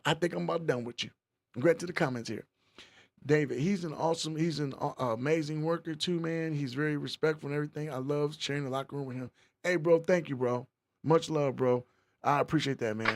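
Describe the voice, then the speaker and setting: Gravelly man hosting a stream. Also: on the high side, fairly quick. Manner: playful, teasing, reads chat comments aloud. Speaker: podcast host. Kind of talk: casual livestream chat.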